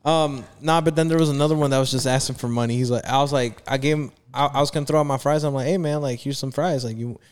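A man's voice: mid-range voice, fairly even intonation, fast talker, hardly any pauses, clean tone. A young man chatting with friends in a blunt, laid-back, slangy way. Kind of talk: casual chat among friends.

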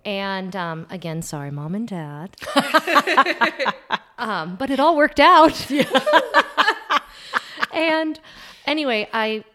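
A middle-aged woman hosting a casual podcast, telling a story with a lot of laughter and going quiet at the embarrassing parts. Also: on the high side, takes it slowly, pauses often. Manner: animated storyteller, laughs often, drops to a hushed voice at the embarrassing parts. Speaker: podcast host.

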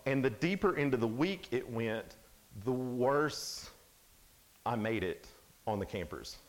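A man in his thirties giving an animated youth camp sermon, storytelling and acting out the characters' lines. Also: a little slow. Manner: animated storytelling, acts out quotes in a higher voice. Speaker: camp speaker.

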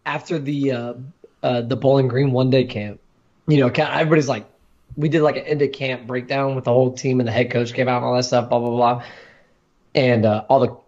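A man's voice: mid-range voice, little pitch movement, brisk, a little mellow, dull audio. Man telling stories on a podcast. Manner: rambling, loose storytelling with many restarts. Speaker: podcast co-host, former college football player. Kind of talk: casual podcast storytelling.

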